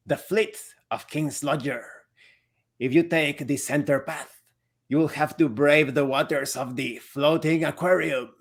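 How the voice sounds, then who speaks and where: A solemn, devout cockroach priest who speaks in slow, weighty pronouncements, as a game master puts him on. The voice sits a little high for a man. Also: vocal fry, heavily acted.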